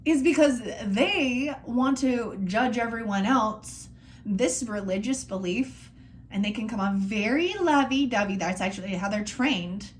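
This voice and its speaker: A woman's voice: on the high side, expressive, a little slow, a little hiss or hum. A middle-aged woman giving a casual tarot reading, blunt and frustrated, rambling and swearing freely. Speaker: tarot reader.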